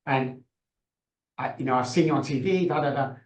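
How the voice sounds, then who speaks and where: A man's voice: medium pitch, moderate pace. Passionate man in a roomy echo. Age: middle-aged. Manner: passionate, emphatic. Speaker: guest, addiction consultant. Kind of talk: emotional storytelling. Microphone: video call.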